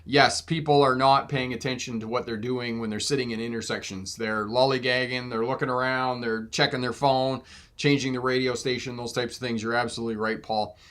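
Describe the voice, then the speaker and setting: Chatting with viewers in a relaxed live Q&A, this driving instructor and channel host laughs a lot and performs exchanges in assorted voices. He speaks fairly quickly at medium pitch, with fairly even intonation and a fairly bright tone.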